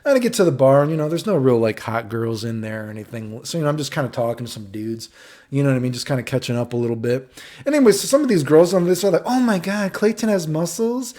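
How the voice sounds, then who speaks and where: A young man rambling through a storytime monologue in a casual, profane way. He peppers his talk with "right?" and "you know", swinging between loud bursts and low mutters. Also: big pitch swings, rapid-fire. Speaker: vlogger.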